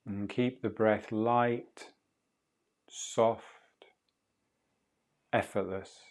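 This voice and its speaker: A man leading a guided breathwork class, speaking slowly, softly and calmly. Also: lowish voice. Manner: slow, soft and calm guidance. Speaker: breathwork instructor.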